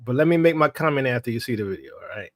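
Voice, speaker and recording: A man's voice: medium pitch, animated, racing, no echo. A man talking casually to a livestream audience, chatty and repetitive, stopping often to check in with viewers. His voice sits mid-range and the sound is close and dry. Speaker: ministry livestream host.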